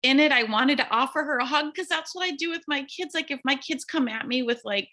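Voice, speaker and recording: A woman, an early childhood teacher, casually retelling a stressful encounter in an animated way, with anxious restarts and quoted dialogue. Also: sits high, fairly quick. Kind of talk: casual storytelling conversation.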